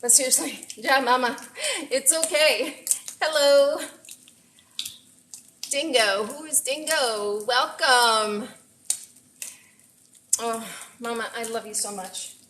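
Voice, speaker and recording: A woman's voice: on the high side, measured pace, a little hiss or hum, poor audio. Chatty woman chef on a live cook stream. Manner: chatty and excitable, greeting viewers and her pet. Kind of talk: casual live-stream chat while cooking. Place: home kitchen. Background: faint frying and sizzling.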